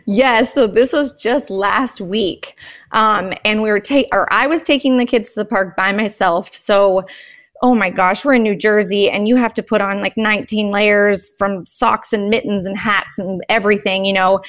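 A woman telling lively stories as a guest in a conversation, animated and chatty, often exclaiming. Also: medium pitch, normal speed. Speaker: guest, mother and author of a sign-language book. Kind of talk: conversational storytelling.

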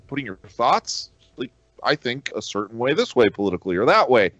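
A man co-hosting a podcast, blunt and halting, swearing in casual chat. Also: mid-range voice, very animated, a bit bright, dry recording. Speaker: podcast co-host. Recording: dull dry lo-fi mic.

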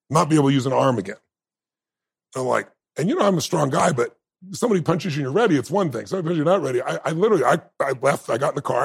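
A man in his fifties with a gravelly, husky voice tells his story as a podcast guest. He acts out what other people said and laughs along the way. His pitch sits in an ordinary middle range. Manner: acts out quoted dialogue, laughs often. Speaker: interview guest. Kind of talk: animated storytelling in conversation.

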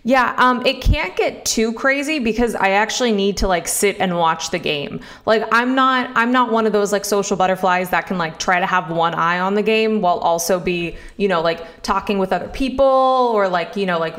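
A woman's voice: medium pitch, moderate pace, hardly any pauses, a bit bright. A woman co-hosting a sports talk show, chatty and enthusiastic, with plenty of fillers and teasing. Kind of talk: casual chat.

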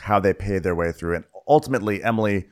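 A man's voice: low-pitched, fast. A man co-hosting a podcast, recapping a show in casual chat, with lots of fillers and frequent laughs. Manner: laughing often, filler-heavy storytelling. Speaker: podcast co-host.

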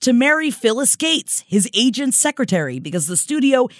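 Podcast co-host, woman, animated delivery, dry close-miked sound. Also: fairly high pitch, moderate pace, dry recording. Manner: chatty, reads out trivia items. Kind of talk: casual gossip chat.

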